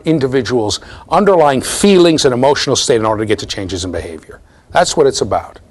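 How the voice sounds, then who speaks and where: A middle-aged man giving a university lecture, animated and storytelling, often checking in with the class. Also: medium pitch. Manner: animated storytelling, mimics voices, asks the class "right?". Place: lecture hall.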